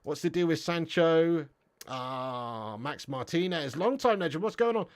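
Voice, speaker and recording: A man's voice: a little high, lively intonation, a little slow, dry recording. A young English man hosting a football live stream, reading chat messages and bantering with viewers in a slangy, swearing, laugh-filled way. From England.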